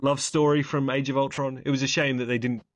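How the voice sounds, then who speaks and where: A man's voice: medium pitch, flat delivery, fast talker, no echo. A young man co-hosting a casual film review chat, rambling and correcting himself with wry asides. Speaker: podcast co-host.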